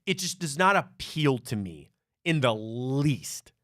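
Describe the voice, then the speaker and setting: A man's voice: medium pitch, very animated, slow, a bit bright, dry recording, studio quality. A man hosting a sports talk show, ranting casually with opinionated rhetorical questions.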